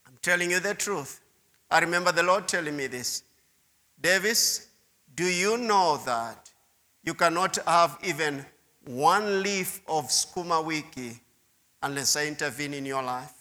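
A man's voice: on the high side, measured pace, bright, forceful tone. A man preaching a sermon testimony, telling his story with repeated words and asides to the listeners. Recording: long hall reverb.

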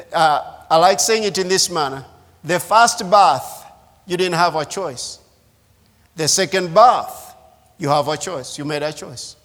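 Slow, high-voiced preacher man in a hall. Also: a bit bright. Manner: slow, emphatic preaching with repeated phrases. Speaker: pastor. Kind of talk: sermon. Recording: reverberant hall.

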